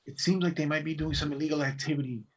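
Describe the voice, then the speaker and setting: Guy playing a tabletop game, stammers a bit, fairly high husky voice, sounds far from the mic. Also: steady tone, fast talker, highs cut off. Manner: hesitant, stammering. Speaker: player.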